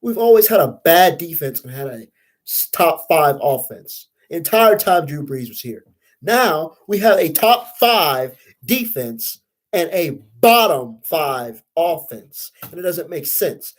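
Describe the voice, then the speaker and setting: A man's voice: fairly high pitch, big pitch swings, slow pace, poor audio. A young man hosting a casual sports podcast, venting in a frustrated, profane, rambling way. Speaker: podcast host.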